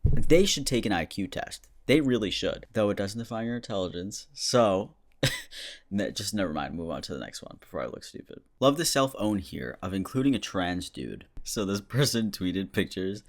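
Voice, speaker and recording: A man with a deep, low-pitched voice speaks close to the mic. He gives casual, mocking commentary and reacts to screenshots with dry sarcasm. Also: animated, brisk.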